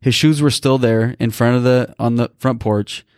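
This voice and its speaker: A man's voice: mid-range voice, steady tone, normal speed, a little mellow, clear, resonant tone, no echo, clean studio sound. A man in his thirties telling a personal story on a podcast, emotional and rambling, with many restarts. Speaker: podcast co-host. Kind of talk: casual storytelling.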